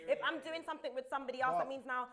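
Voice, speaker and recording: A woman's voice: high voice, fairly even intonation, rapid-fire, a bit bright. A woman firmly explaining her view in a casual group debate. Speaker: panel guest.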